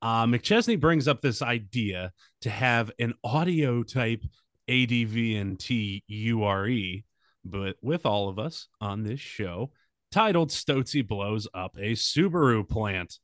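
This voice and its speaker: A man's voice: mid-range voice, lively intonation, takes it slowly, no room sound, clean studio sound. A man hosting a casual comedic podcast, rambling through setups with lots of fillers. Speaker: podcast host.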